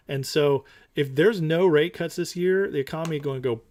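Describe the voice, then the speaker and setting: A man hosting a casual stock market talk show, animated and opinionated, who repeats his points for emphasis. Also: brisk, hardly any pauses. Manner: mocks others in high put-on voices.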